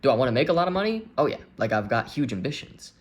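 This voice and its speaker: A young man speaking candidly to his audience, earnest and open, with halting restarts as he searches for words. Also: mid-range voice, very animated. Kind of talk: candid personal confession.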